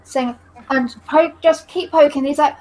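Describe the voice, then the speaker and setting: A woman's voice: high voice, fairly even intonation, a little slow, a little mellow, rough recording. A woman from England, chatting casually and telling stories animatedly. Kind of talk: casual group chat.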